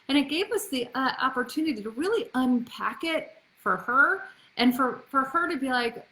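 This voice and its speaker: A woman's voice: high-pitched, very animated, normal speed, bright, forceful tone, echoey room. A woman in her forties giving earnest, conversational parenting advice as a coach, with frequent restarts and fillers. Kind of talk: casual advice talk to camera.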